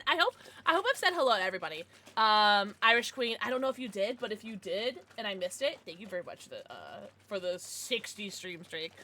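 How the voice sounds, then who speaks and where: Bubbly bright-voiced American woman streamer. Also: a little high, expressive, fairly quick. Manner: bubbly, giggly, chatty, greets viewers. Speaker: livestreamer. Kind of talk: casual livestream chat, reading out chat.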